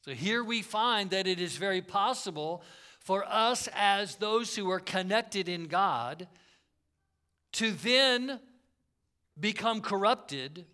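Bright, high-voiced preaching man. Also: expressive, slow. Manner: earnest preaching, swings between loud emphasis and soft asides. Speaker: pastor. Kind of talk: sermon.

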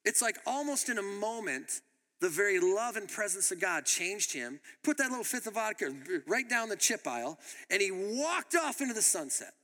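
High-voiced bright pastor preaching in a hall. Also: male voice, normal speed. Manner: animated, laughing storyteller. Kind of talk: sermon with storytelling.

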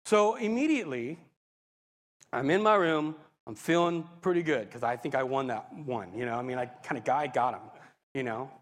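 A man preaching, telling a personal testimony in an animated, expressive storytelling style with frequent asides to the congregation. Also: mid-range voice, normal speed. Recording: reverberant hall.

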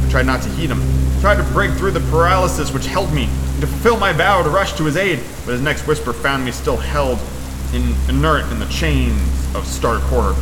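A man hosting a podcast, giving a measured, ominous dramatic reading of a horror tale. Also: medium pitch, noisy background. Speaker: podcast host and reader. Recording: echoey reverberant room with loud rain.

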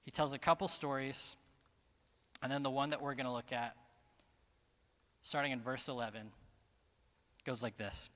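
A man preaching a sermon as pastor, earnest and emphatic, slowing down to stress key phrases. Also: medium pitch, fairly even intonation, a bit bright. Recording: long reverb of a large hall.

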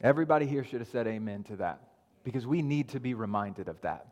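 A man preaching a sermon as pastor, teaching calmly and then building to raised, insistent emphasis, often repeating and restarting phrases for weight. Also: mid-range voice, fairly quick. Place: church sanctuary. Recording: long hall reverb.

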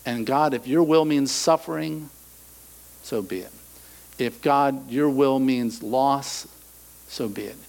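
A middle-aged male pastor preaching a sermon, animated, acting out quoted voices and dropping to soft asides. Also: medium pitch, takes it slowly, creaky, long pauses, poor audio.

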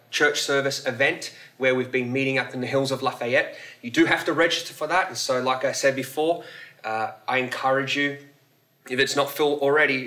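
Bright-voiced pastor preaching casually. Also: male voice, mid-range voice. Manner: casual, conversational preaching with fillers. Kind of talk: sermon. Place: church service.

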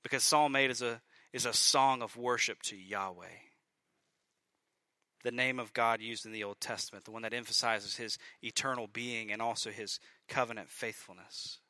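Emphatic preacher with a sharp, forceful voice. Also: male voice, mid-range voice, fairly even intonation, moderate pace, dry recording. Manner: emphatic, builds to loud peaks and drops to quiet. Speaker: pastor. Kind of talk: sermon.

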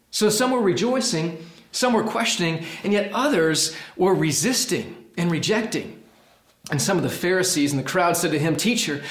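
High-voiced man preaching in an echoey room. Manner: impassioned preaching, voices quoted figures with rising pitch and force. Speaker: pastor. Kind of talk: sermon.

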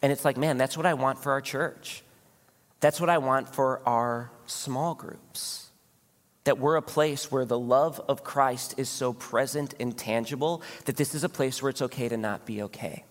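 A man's voice: mid-range voice, moderate pace, big-room sound. A man preaching a sermon as a pastor, in an earnest, conversational way full of rhetorical questions. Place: church sanctuary.

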